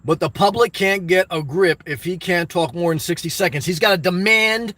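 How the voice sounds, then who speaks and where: A man hosting a livestream, reading chat and rambling in a crude, excitable, off-the-cuff way from inside his car. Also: sits high, normal speed, no echo.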